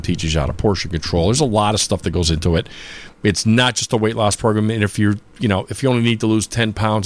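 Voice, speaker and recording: Rambling, upbeat male polka show host. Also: on the low side. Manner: rambling, full of filler sounds and restarts; chatty and upbeat in his shout-outs. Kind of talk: casual chat on a live stream.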